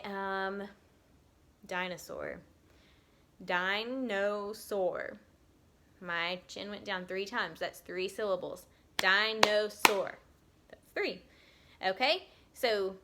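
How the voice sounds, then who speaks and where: Woman teacher, middle-pitched voice, slow and patient, sounding words out for small children. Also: a bit bright. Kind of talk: recorded classroom lesson for young children.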